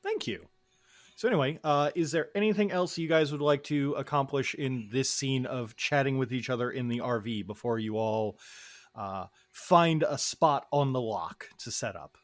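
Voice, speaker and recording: A man's voice: mid-range voice, normal speed. A man running a tabletop game as game master, hesitant and apologetic as he talks.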